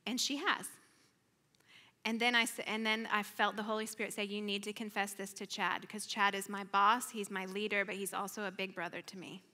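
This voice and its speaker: Woman, sermon testimony, earnest, emotional, near-whispered passages, bright tone, reverberant church hall. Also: medium pitch, level tone, a little fast. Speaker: church speaker. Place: church sanctuary.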